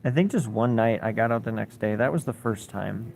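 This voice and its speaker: A man's voice: lowish voice, brisk, vocal fry, darkish tone, slight background noise. A man livestreaming, telling a story in casual chat and reading viewer comments, blunt and swearing a lot. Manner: blunt, heavy swearing, rambling.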